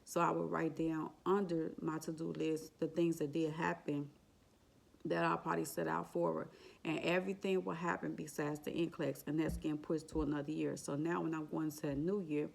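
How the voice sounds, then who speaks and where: Her voice low-pitched, creaky, husky and a little mellow, a vlogger shares the story of her exam, emotional and full of faith. She tells it casually and repetitively, breaking into exclamations and laughter.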